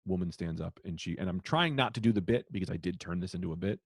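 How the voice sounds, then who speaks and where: A man, a comedian guest, telling heckler stories in casual podcast chat, profane and animated. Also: deep voice, fast talker, dry recording, clean studio sound. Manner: profane, animated, acts out shouted quotes.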